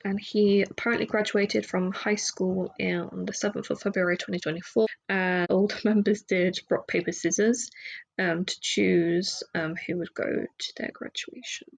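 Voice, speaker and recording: A woman's voice: medium pitch, steady tone, normal speed, vocal fry, rough recording. A woman hosting a solo podcast, chatting casually and rambling with fillers and side remarks. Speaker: podcast host.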